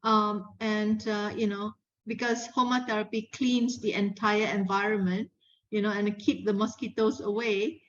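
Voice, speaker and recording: A woman's voice: mid-range voice, level tone, measured pace, muffled recording. A woman from Malaysia, co-hosting, comments in a hesitant conversational way with many fillers. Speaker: co-host and commentator.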